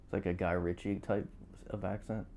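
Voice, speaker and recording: A man's voice: sits low, flat delivery, brisk, darkish tone. A man guesting on a talk show, laid-back and hesitant with a wry edge. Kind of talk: casual chat.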